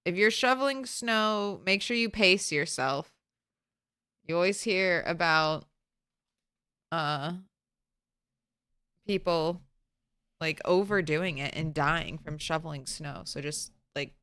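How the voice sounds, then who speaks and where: A woman streaming a game from home, talking in an unhurried, easygoing way. Her voice is bright and smooth, and the sound is close and dry. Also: fairly low pitch, dry recording. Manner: chatty, greets chat viewers by name, laughs often. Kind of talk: casual stream chat.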